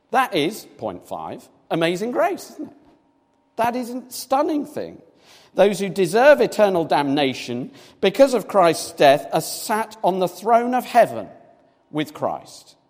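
A man preaching a sermon, animated, acting out little scenes in different voices as he reads and explains. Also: high voice. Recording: long reverb of a large hall.

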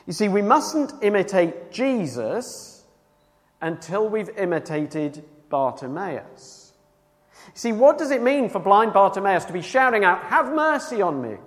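A man preaching a sermon, emphatic and earnest, moving between loud cries and hushed tones. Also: high voice, sing-song, measured pace, big-room sound.

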